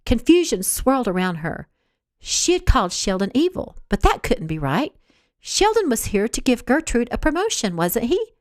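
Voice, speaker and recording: A woman, the author, reading her novel aloud in an expressive, animated way. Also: on the high side, moderate pace, no room sound, clean studio sound. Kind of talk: audiobook narration read aloud.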